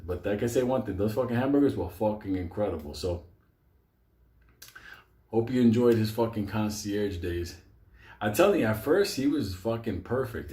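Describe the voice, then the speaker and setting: A man's voice: on the low side, reverberant. A man casually telling comic stories about an old friend, swearing constantly and breaking into laughs. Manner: animated, heavy swearing, laughs often. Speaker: storyteller. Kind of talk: casual profane storytelling.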